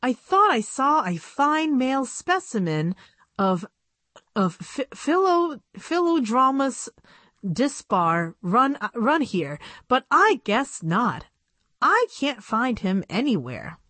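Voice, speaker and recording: A woman's voice: high-pitched, big pitch swings, slow pace, fairly bright tone, no room sound, pitched above the performer's own voice, exaggerated voice. A woman voicing an eccentric, fussy older female doll who loves bugs, in a chirpy, breathless storybook voice. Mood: eager.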